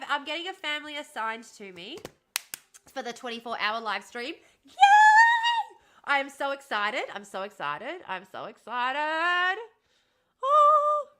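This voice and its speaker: With a high-pitched, sharp-toned voice, this livestream host chats casually with her viewers while reading the chat. She answers them with frequent laughter and sarcastic remarks.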